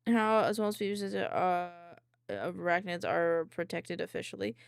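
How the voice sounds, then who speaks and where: A woman streamer reacting to videos in casual commentary, excitable, swearing often and laughing a lot. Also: lowish voice, unhurried, vocal fry, smooth, dry recording, studio quality.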